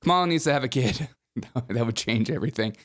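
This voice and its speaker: A man's voice: medium pitch, animated, fast talker, fairly bright tone. Chatty podcast host man, often laughing. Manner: chatty, laughs between points, mocking. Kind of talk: opinionated casual commentary.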